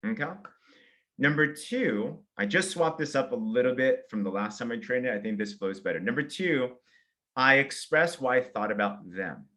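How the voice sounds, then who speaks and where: An energetic man runs a sales training session and talks listeners through simple numbered steps. He acts out sample invitations in a friendly, upbeat way. His voice sits in the middle range for a man. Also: mid-range voice, normal speed. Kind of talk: motivational training talk.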